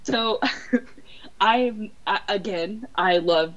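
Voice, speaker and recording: A woman guest on a podcast, telling excited fan stories in casual chat. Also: medium pitch, very slow. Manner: excitable fan storytelling with laughs. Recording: dull lo-fi podcast audio.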